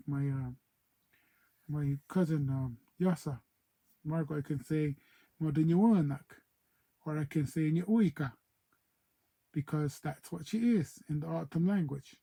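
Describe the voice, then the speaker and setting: A man with a very dark, mellow voice that still sits a little high in pitch gives an informal language lesson. He speaks unhurriedly, saying each native word more than once and thinking aloud between them. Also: gravelly, rough recording. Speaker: O'odham language teacher.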